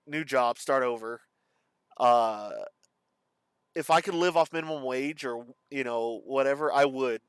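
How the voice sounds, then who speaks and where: A young man talking in a casual vlog monologue, rambling and halting, with a slight lisp or slur in his speech. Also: mid-range voice, fairly bright tone, clean tone, no echo. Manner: rambling, halting, self-described stutter. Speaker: streamer.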